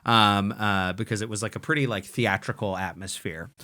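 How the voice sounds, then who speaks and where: A man's voice: on the low side, fairly even intonation, moderate pace, pushed and bright. A man hosting a comedy podcast, telling a long rambling story in casual chat with frequent "um"s and restarts. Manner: rambling, lots of fillers and restarts. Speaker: podcast host.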